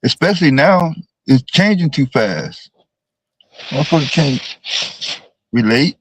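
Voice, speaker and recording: A man co-hosting a casual livestream chat, talking in an animated way and asking questions. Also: fairly high pitch, slow, husky, dry recording. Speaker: co-host.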